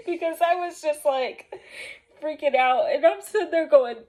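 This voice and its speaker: Brief: woman vlogger with a high voice, casual storytime, rambling, lots of "like". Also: a little slow. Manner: rambling, filler-heavy with frequent "like"; animated, laughs often while telling.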